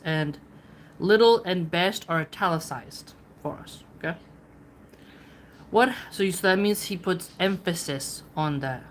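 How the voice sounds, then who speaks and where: A woman talks through a philosophy text in a slow, reflective, chatty way. Her voice sits a bit low and unhurried, with faint background ambience. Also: slight background noise. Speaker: host reading and explaining philosophy. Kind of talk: casual read-along commentary.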